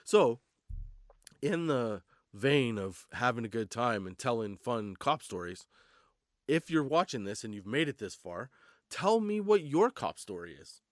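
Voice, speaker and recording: A man's voice: medium pitch, sing-song, measured pace, no room sound, studio quality. Laughing, swearing male podcast host. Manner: laughs often, swears freely. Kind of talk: casual comedic storytelling.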